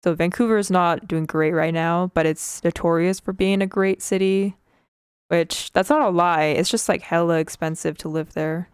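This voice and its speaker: A young woman from Canada talks through a casual drawing livestream, her voice on the low side for a woman and clean and smooth. She rambles from thought to thought with fillers along the way, and a slight speech impediment colours her words. The sound is dry and close, with no room around it. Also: fairly even intonation, moderate pace, no room sound. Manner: chatty, rambling, frequent fillers and laughs. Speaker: Twitch streamer.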